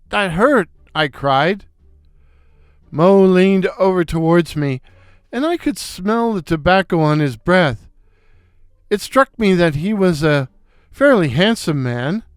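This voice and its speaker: A man's voice: on the high side, clean tone, no echo, clean studio sound. Older man narrating with wry asides. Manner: wry, self-mocking asides. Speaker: storyteller. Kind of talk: first-person story narration.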